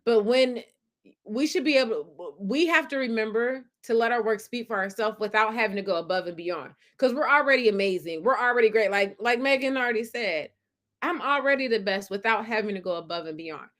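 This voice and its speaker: On a casual live-stream chat, a podcast host reads the live comments in a somewhat high voice, talking a little fast. The young adult woman is animated and encouraging, hyping up every commenter.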